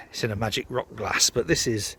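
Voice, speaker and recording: A man's voice: lowish voice, moderate pace, creaky, a bit bright, slight background noise. A man chatting casually in a rambling, sweary, self-mocking way, vlogging from his garden. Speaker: home brewer vlogger. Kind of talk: casual rambling vlog chat.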